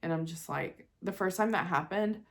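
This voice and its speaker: A vlogger, likely in her forties, talks candidly and emotionally to her viewers in a casual personal chat to camera, laughing at herself now and then. Her voice is lowish and her speed normal.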